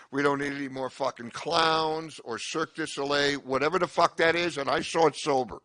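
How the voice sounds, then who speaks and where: Older male stand-up, rambling and profane, bright, dry close mic. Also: fairly high pitch, steady tone, normal speed, no echo. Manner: rambling, profane, self-interrupting. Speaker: stand-up comedian. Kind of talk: stand-up comedy set.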